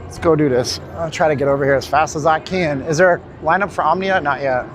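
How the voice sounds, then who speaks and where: A tired, somewhat winded man walks and talks through a casual livestream, rambling and joking with his viewers. His voice sits a bit high. It is picked up by a handheld phone with loud street noise around him. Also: fast talker. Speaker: livestream host. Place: city street outdoors. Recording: phone mic on a noisy street.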